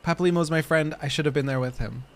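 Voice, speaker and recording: A man's voice: a little high, fast. A man live-streaming a video game, reacting with emotional, rambling and swearing talk while joking with his chat.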